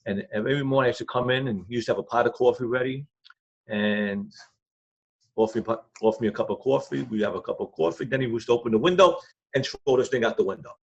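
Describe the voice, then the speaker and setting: A man's voice: mid-range voice, fast, creaky, slightly rough. An older man telling casual, rambling anecdotes in blunt street grammar as an interview guest. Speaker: former crime crew associate, guest. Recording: dull lo-fi sound.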